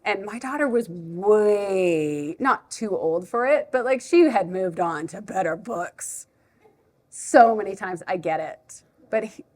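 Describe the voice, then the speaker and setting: Chatty woman teacher talking to parents. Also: mid-range voice. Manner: chatty, animated, self-deprecating. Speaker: preschool teacher presenting to parents. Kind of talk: live talk to an audience. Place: library event room.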